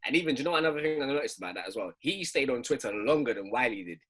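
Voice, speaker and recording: A man's voice: medium pitch, rapid-fire, slightly rough. A man talking emphatically in a casual podcast chat with friends. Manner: emphatic, lively ranting. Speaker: podcast co-host.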